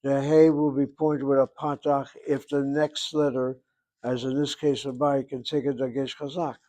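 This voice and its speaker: Male language teacher, medium pitch, patient and methodical lecturing, repeats drill words. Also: level tone, normal speed, warm tone. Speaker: Hebrew teacher. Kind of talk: grammar lesson explanation.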